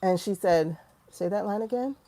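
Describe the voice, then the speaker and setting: A woman hosting a livestream in casual talk, blunt and animated, laughing often. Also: mid-range voice, normal speed. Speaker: livestream host.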